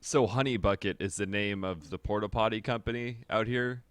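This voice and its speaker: A man's voice: on the low side, fairly even intonation, normal speed, a bit bright, clean tone, no room sound. A man co-hosting a podcast, talking offhand and profane, laughing often. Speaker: podcast co-host. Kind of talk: casual chat.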